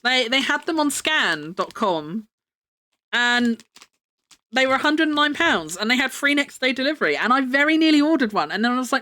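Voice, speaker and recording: A woman's voice: sits high, very animated, moderate pace, sharp tone. A young woman chatting casually on her live stream, rambling and laughing often.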